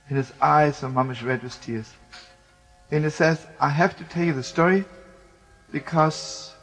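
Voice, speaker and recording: A man telling a wartime story, swinging from loud outbursts to hushed speech, with Yiddish and Hebrew words. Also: on the high side, rough recording. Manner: emotional, shifts between loud exclamations and hushed speech.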